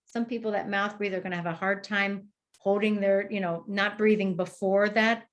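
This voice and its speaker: A woman clinician gives an instructional demonstration for therapists, explaining step by step and modeling the exercise aloud with pauses. Her voice is mid-range and her tone steady.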